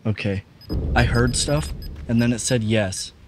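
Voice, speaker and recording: A man hosting a ghost-hunting vlog outdoors at a rural bridge. He is excitable and jumpy, swears often, and swings from hushed asides to sudden exclamations. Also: mid-range voice, measured pace, background noise. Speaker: paranormal investigator, vlog host. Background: music under the voice.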